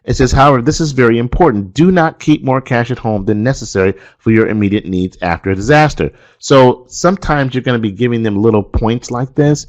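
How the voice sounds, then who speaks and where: A man training instructors, walking them through a course module in an emphatic, coaching manner that repeats key points. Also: lowish voice. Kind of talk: instructional walkthrough.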